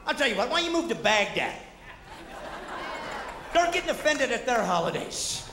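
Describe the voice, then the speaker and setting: A man doing a high-energy stand-up comedy set, shouting and working the crowd. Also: big pitch swings, normal speed. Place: large hall with a live audience. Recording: echoey hall, loud crowd and noise.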